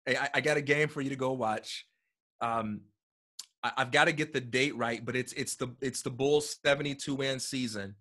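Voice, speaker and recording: A man talking as a guest in a casual conversation, animated and acting out quotes as he tells a story, heard over a video call. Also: medium pitch, moderate pace. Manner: animated storyteller, acts out quotes, repeats words.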